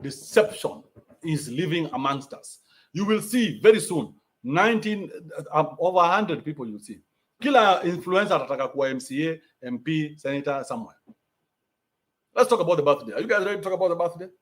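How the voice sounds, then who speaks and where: A man's voice: on the high side, lively intonation, fairly quick. A man with a Kenyan accent hosting a livestream, reading out donations and ranting bluntly with plenty of profanity.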